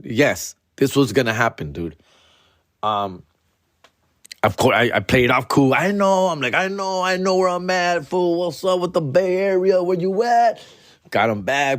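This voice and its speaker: A man, a comedian and father from California, telling a story in casual podcast chat, animated and slangy and acting out quotes. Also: fairly high pitch, no echo, studio quality. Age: adult, father.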